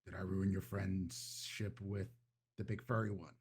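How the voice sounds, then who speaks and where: A man voicing a charming, murderous male cult leader with a Greek accent, speaking slowly and calmly as he justifies himself. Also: deep voice, breathy edge, voice pushed down. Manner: slow, calm, self-justifying.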